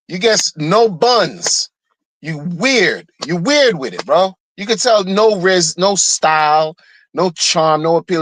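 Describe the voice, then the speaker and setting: A man's voice: high voice, a bit bright, no room sound, rough recording. A man ranting in a heated, mocking way, repeating phrases to drive his point home. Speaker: streamer ranting commentary. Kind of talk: casual rant.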